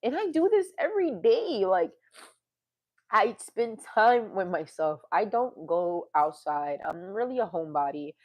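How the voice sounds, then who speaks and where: A woman's voice: mid-range voice, very animated, a little slow, lo-fi sound. A woman vlogging to her viewers in a rambling, confessional way, sighing, laughing and swearing now and then. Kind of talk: candid casual monologue.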